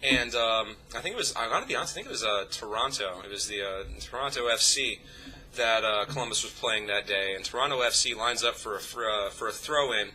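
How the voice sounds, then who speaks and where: Man with a very bright, sharp voice. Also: fairly low pitch, animated, brisk, low-quality recording. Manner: rambling, profane storytelling with many fillers and restarts. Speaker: YouTube vlogger. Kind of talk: casual anecdote told to camera.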